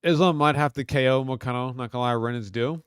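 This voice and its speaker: A young man from Kentucky hosts a casual livestream, reading chat aloud and trading loose, profane jokes. His mid-range voice moves at a quick pace and sounds clear and resonant. The recording is dry and studio quality.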